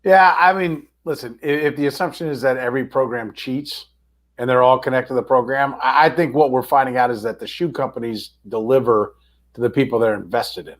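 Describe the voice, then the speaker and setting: A man's voice: mid-range voice, brisk. Chatty man telling a story on a podcast. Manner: chatty anecdote teller, acts out quoted voices. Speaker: podcast co-host. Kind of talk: casual sports talk, storytelling.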